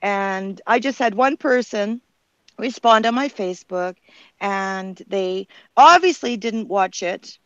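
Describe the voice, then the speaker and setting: A woman's voice: medium pitch, slow pace, fairly bright tone, no echo. Older woman, earnest and rambling, muffled call. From Canada. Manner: earnest, rambling storytelling with many fillers. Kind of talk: casual online group call. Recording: dull, dry, lo-fi call audio.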